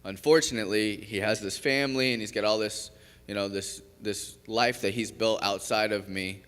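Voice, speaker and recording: A young man shares his recovery testimony from the front of a church, speaking in a candid, conversational way full of fillers and self-corrections. His voice sits a little low. The sound carries a long reverb from the large sanctuary. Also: steady tone, moderate pace, fairly bright tone, smooth. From Kentucky. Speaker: recovery program graduate giving testimony. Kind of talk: personal testimony in a church service.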